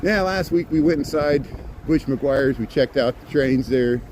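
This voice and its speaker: A man's voice: mid-range voice, unhurried, a little mellow, a little hiss or hum. A man hosting a live stream as he walks a snowy city sidewalk, chatting with viewers and rambling through joking, sarcastic asides. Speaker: livestreaming street-walk host.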